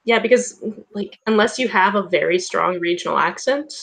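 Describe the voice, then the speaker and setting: A Canadian woman in her thirties hosting a live stream, chatting in a relaxed, friendly way. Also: medium pitch, normal speed, gravelly. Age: 30s. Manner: relaxed and friendly, with easy laughs and filler words. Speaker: host. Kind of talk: casual chat on a live stream.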